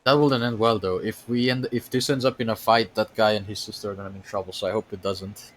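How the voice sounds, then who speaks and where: A man streams a video game, offering casual commentary that rambles through his thoughts with plenty of fillers and restarts. His voice is fairly low and even, he talks fast, and there's a little hiss or hum.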